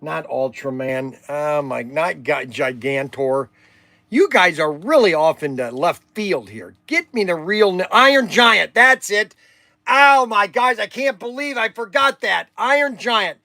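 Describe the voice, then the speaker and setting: A man's voice: high voice, lively intonation, unhurried, pushed and bright, no room sound. An older man hosting a livestream, rambling and exasperated, sighing while he chats. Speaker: livestream host.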